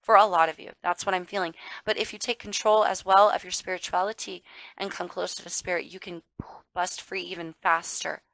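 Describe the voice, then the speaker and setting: A woman's voice: on the low side, little pitch movement, a little fast, gravelly, fairly bright tone, no room sound, rough recording. A woman giving a casual tarot reading to viewers. She talks emphatically, calls the listener darling and baby, swears now and then, and gets worked up. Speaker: tarot reader.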